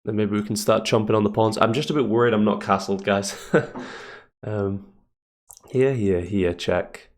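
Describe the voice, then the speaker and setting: A man streaming chess and thinking aloud in a casual, hesitant way, with a deep, gravelly morning voice. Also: normal speed, pauses often. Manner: thinks aloud, hesitant fillers, chuckles often. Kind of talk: casual live commentary on chess games.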